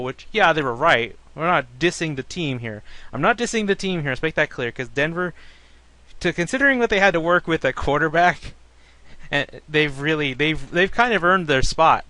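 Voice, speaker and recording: A man's voice: on the high side, normal speed, no echo. A man hosting a casual sports talk show, ranting about fans with plenty of swearing. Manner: ranting, profane, animated. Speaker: podcast host.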